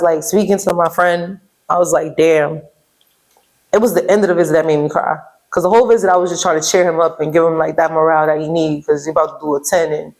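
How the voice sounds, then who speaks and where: Young Brooklyn woman, guest on a casual talk show, quick lively storytelling, New York accent. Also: sits low, poor audio. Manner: animated storyteller, acts out quotes, laughs often.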